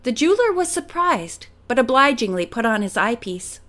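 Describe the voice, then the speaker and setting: A woman narrating a mystery audiobook in a clear, steady storytelling manner. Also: on the high side, moderate pace. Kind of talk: audiobook reading.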